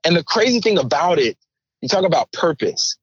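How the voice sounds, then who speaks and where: A man's voice: a little high, very animated, a little fast, husky, dry recording, highs cut off. A man guest on a podcast, telling a story with energy and acting out the voices of the people in it. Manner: acts out other people's voices, repeats words. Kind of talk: animated storytelling.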